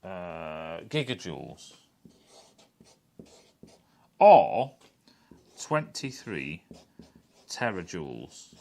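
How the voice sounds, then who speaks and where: Sweary man ranting with lively pitch. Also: drawn-out words, creaky, long pauses. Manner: sweary and scornful, rambling with many restarts. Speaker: TV critic. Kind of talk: casual review monologue.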